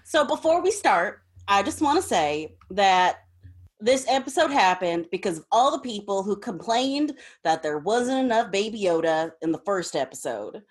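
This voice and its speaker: A woman's voice: medium pitch, sing-song, moderate pace, husky. A woman hosting a casual podcast, retelling an episode with lots of laughter. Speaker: podcast host. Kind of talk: casual recap chat.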